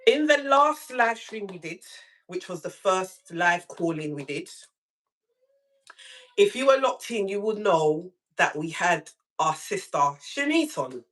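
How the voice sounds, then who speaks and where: A woman hosting a casual live call-in stream from home, telling a story in an animated way and acting out what people said. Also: a little slow. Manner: animated storytelling, acts out quotes with big pitch jumps.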